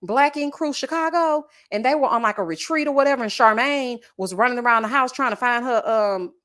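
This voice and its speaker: A young adult woman hosting a casual reaction chat, reading viewer comments in a sassy, animated way and drawing out "child" and "honey". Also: fairly high pitch, a little fast.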